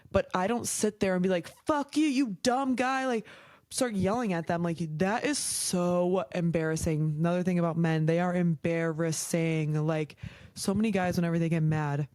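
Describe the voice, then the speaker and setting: A woman's voice: fairly low pitch, darkish tone, no room sound. Frank young woman ranting, dry sound. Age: young adult. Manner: frank, heated, swears often, peppered with "like". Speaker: podcast host. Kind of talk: casual chat.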